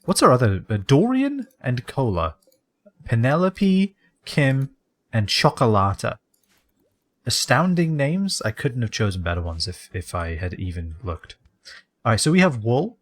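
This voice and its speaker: Lively man rambling over a game. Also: medium pitch, unhurried. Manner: rambling and jokey, drifting into put-on accents. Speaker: game streamer. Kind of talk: casual let's-play commentary.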